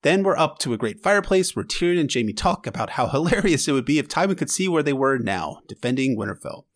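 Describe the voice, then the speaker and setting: A man's voice: medium pitch, big pitch swings, fast talker. A man hosting a podcast who recaps an episode in casual chat, full of emotional and wry, sarcastic asides. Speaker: podcast host.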